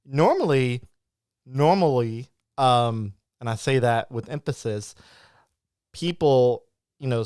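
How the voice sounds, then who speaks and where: A man's voice: medium pitch, clear, resonant tone, no room sound, clean studio sound. A man hosting a live podcast interview, chatting casually and rambling, with lots of restarts and acted-out quotes. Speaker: podcast host.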